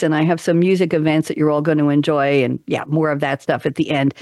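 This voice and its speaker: A woman's voice: mid-range voice, darkish tone, no room sound, studio quality. A woman radio talk show host telling stories in a casual chat, acting out quoted voices with animation.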